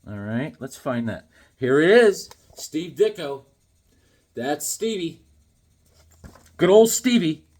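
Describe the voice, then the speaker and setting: A middle-aged man chatting casually as he shows off his comic books, telling stories in a lively way and laughing often. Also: on the high side, takes it slowly, pauses often, slightly rough. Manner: animated storyteller, laughs often, acts out voices. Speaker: comic book collector vlogger. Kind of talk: casual chat showing comics.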